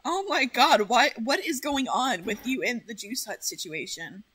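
A woman streamer chatting casually, excitable and full of swearing as she rambles. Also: a little high, normal speed, slightly rough. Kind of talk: casual livestream chat.

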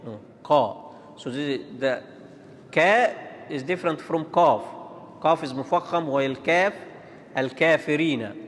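A man teaching Quran pronunciation, demonstrating and contrasting letter sounds in a halting, repetitive way. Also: a little high. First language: Arabic. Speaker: tajweed teacher. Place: large mosque hall. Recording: long reverb of a large hall.

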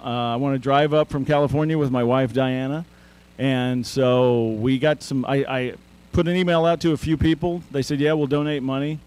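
A man's voice: mid-range voice, steady tone, moderate pace, darkish tone, clear, resonant tone. A man hosting a show, chatting through a casual anecdotal introduction of a guest speaker.

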